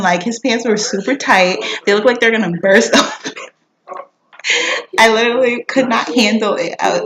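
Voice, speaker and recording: A young woman vlogger excitedly retelling a story, gushing and peppered with "like," breaking into screams when she acts it out. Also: on the high side. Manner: gushing, lots of "like" fillers, bursts into screams when reenacting. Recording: echoey room with noise.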